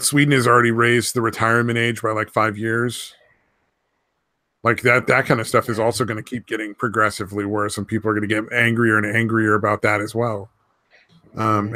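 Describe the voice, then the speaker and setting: Blunt, halting man in casual talk, dry close sound. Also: on the low side, bright, forceful tone, no echo. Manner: blunt, hesitant with repeated words. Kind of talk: casual political chat.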